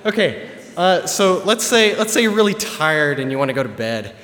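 A young man giving a relaxed, chatty presentation to a live audience, with plenty of filler words. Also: on the high side, moderate pace. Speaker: student presenter. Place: large hall with an audience. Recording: long hall reverb.

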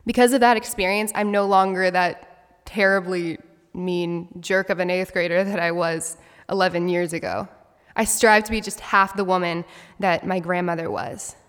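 A woman's voice: on the low side, fairly even intonation, moderate pace, smooth. A woman in her twenties telling a personal story as a speech, in an earnest, reflective way. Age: 20s. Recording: long hall reverb.

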